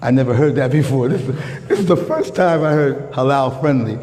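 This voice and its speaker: An American man giving a lively, slangy sermon in a mosque, jumping from calm talk to shouts. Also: medium pitch, a little fast, long reverb tail, noisy background. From United States. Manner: animated, slangy street talk, rises to shouts. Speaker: guest preacher. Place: mosque prayer hall.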